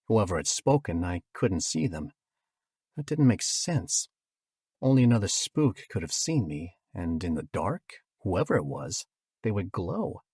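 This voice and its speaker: Male audiobook narrator, husky voice, dry studio sound, wry storytelling delivery. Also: low voice, very animated, a little slow, a little mellow, no room sound.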